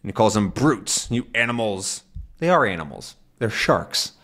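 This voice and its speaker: A male English teacher explaining a comic to learners in a relaxed way, with many "um"s and "right?"s. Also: lowish voice, normal speed, husky. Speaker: English teacher, channel host.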